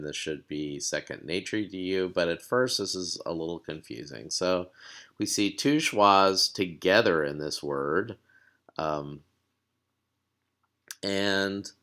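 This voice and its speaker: A man with a very low voice walks through a language lesson at a slow, measured pace. He explains patiently, pausing on fillers and repeating himself now and then. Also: a bit bright, smooth. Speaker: language teacher.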